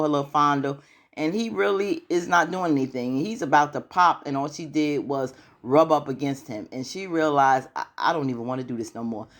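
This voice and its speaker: Chatty woman recapping a TV episode. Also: sits low. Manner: animated storytelling, slips into character voices; slangy, lots of "you know". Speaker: TV recap vlogger.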